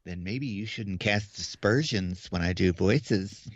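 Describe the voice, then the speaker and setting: A man's voice: low-pitched, unhurried, no echo, muffled recording. A man co-hosting a film podcast, playful and laughing, with fillers between his thoughts. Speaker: podcast co-host. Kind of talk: casual film review chat.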